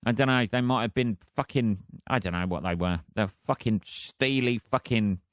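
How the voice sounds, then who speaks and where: A man's voice: lowish voice, normal speed, no room sound, clean studio sound. A man hosting a solo podcast, rambling casually with heavy swearing and chuckles. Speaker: podcast host.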